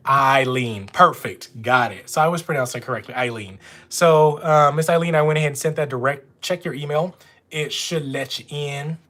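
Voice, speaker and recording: A man's voice: mid-range voice, a bit bright. A man with a Louisiana accent, chatting casually with viewers on a live stream from home. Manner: chatty, talks straight to viewers. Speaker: notary running a live stream. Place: at home with dogs nearby.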